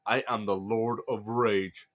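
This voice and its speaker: A man voicing a menacing, scheming old god of madness, with a low, sneering, slow delivery. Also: steady tone.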